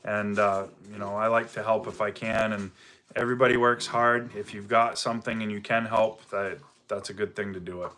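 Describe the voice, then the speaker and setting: Middle-aged man with a mild Maine accent, easygoing livestream host, bright and forceful tone. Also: on the low side, fairly even intonation, normal speed. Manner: easygoing, rambling, reads viewer comments aloud. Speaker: livestream host, firewood seller. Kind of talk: casual livestream chat.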